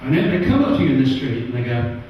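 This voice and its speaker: Animated English stand-up in a pub. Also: male voice, quick pace, slight background noise. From England. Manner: animated, jumps into high voices for characters. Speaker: stand-up comedian. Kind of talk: stand-up comedy set. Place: pub stage. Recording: distant, roomy and muffled pub recording.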